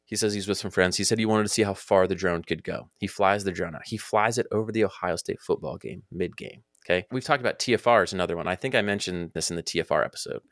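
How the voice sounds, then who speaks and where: A man explaining rules in a casual podcast, talking quickly and using lots of "like" fillers. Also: sits low, fairly bright tone, dry recording, clean studio sound. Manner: fast, filler-heavy talk with frequent "like". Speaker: drone training founder and guest expert.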